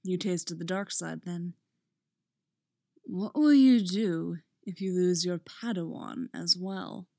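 A woman's voice: lowish voice, slow, mellow, no echo, studio quality. A woman voicing a cold, silky older villain count. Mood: menacing. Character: cold, menacing older male count, sith lord.

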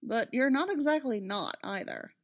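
A woman's voice: a little high, expressive, moderate pace, voice pushed up. A woman reading aloud, voicing a grim male Jedi knight in a wry, clipped, urgent way. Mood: tense. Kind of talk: fan fiction read aloud.

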